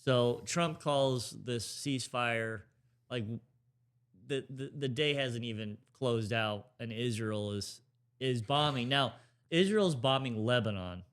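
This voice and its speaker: A man with a clear, smooth voice at a middle pitch co-hosts a podcast. He chats casually and rambles, hedging and restarting as he goes. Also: takes it slowly, fairly bright tone. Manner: rambling, many restarts and hedges. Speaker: podcast co-host. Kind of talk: casual chat about current affairs.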